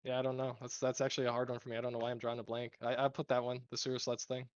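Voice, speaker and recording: A man's voice: mid-range voice, monotone, racing, dry recording, lo-fi sound. A man who leads a gaming guild, answering interview questions in a casual, rambling way, swearing freely and acting out what others said. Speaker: guild leader.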